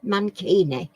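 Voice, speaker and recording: A woman hosting a casual live quiz reads questions aloud, stumbles over words, and chats with viewers by name. Her mid-range voice has a breathy edge. The audio is poor, though there's no echo.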